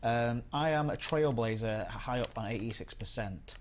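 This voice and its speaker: A man's voice: mid-range voice, moderate pace, slight background noise. A young man hosting a live game stream, chatting casually and greeting viewers by name in an upbeat way.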